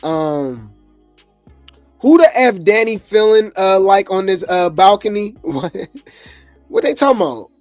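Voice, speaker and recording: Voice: mid-range voice, big pitch swings, a little slow, pauses often, darkish tone, no room sound, faint music behind. A host rambling casually through reality TV gossip commentary, chuckling often and full of fillers.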